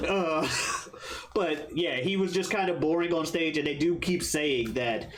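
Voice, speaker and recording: A man co-hosting a casual movie review chat, animated and quick to laugh, with playful asides. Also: fairly high pitch. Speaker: podcast co-host.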